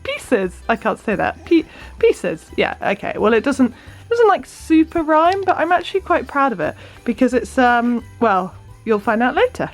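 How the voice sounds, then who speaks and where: A woman talks through her day in a casual vlog, gushing and bubbly, slipping into sing-song baby talk. Her voice sits high and swings widely in pitch. Faint music plays underneath. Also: very animated, normal speed. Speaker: vlogger and new mother.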